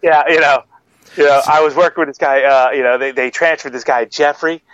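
A man playing the ghost of a loud older male baseball announcer in a comedic impression sketch, boisterous and rambling. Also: a little high, fairly even intonation, a little fast, dry recording, close to an everyday voice. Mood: brash. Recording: dull lo-fi podcast audio.

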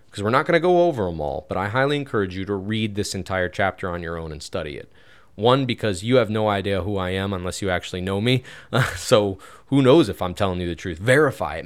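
A man teaching through a Bible chapter in a casual podcast, chatty and prone to digressions, laughing at his own wordplay. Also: fairly low pitch. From United States. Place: home room, creaky computer chair.

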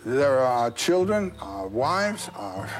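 A man's voice: medium pitch, very animated, slow pace, over music. A man voicing a male buffalo husband in a folk tale, indignant and reproachful.

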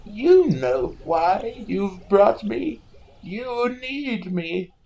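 Give me a man playing a cryptic cloaked seer, with a high, slow, far-off voice. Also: very animated, gravelly, warm tone, full character voice. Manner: slow, drawn-out prophetic pronouncements. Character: eerie cloaked male seer, cryptic and ominous.

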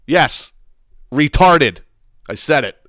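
A man's voice: medium pitch, expressive, brisk, a bit bright, no room sound, studio quality. A young man hosting a podcast, ranting bluntly and with lots of cursing, exasperated. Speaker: podcast host.

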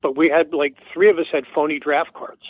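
A man's voice: on the high side, flat delivery, a little fast, slightly rough, dry recording. Older man rambling over a tinny phone. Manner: loose storyteller, many fillers and restarts. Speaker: guest. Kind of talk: rambling anecdote on a radio call-in. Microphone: phone call. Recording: tinny phone line on radio.

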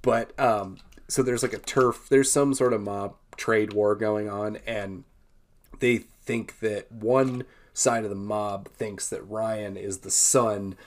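Low-voiced chatty podcast co-host man. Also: fairly even intonation. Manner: chatty, agreeing, quick asides. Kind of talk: casual film discussion.

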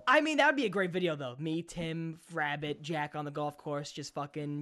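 Male podcast co-host, crude and jokey, bright cutting tone over a call. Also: on the high side, moderate pace, few pauses. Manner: rowdy, profane, jokey. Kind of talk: casual podcast banter. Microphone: video call.

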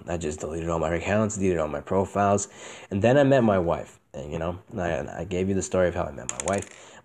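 A young man hosting a casual podcast, talking candidly and profanely, swinging between a flat monotone and excited bursts. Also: on the low side. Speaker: podcast host.

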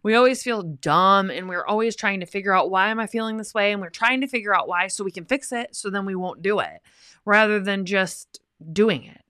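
A woman's voice: lowish voice, clear, resonant tone, dry recording, studio quality. A woman in her thirties co-hosting a faith-based marriage podcast, talking in a wordy, openly emotional way. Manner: wordy, emotional, animated when she acts out friends. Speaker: podcast co-host.

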